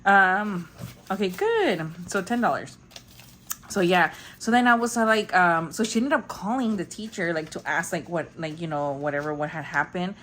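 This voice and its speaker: Young woman rambling through a storytime, lots of likes and you knows, kinda low voice. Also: animated, normal speed, fairly bright tone, a little hiss or hum. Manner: chatty, rambling, lots of fillers. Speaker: budgeting vlogger. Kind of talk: casual storytime chat.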